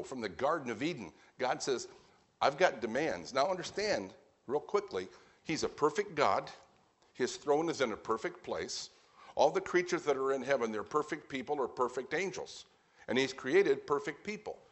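A man preaching a sermon at a brisk pace, stressing his points and repeating them. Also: medium pitch.

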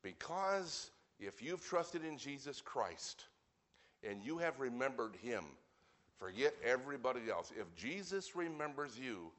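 A man in the pulpit delivers an evening sermon at a mid-range pitch. He talks plainly and earnestly, drops in wry asides, and slows down for weighty scripture readings. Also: big pitch swings, fairly bright tone. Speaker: pastor.

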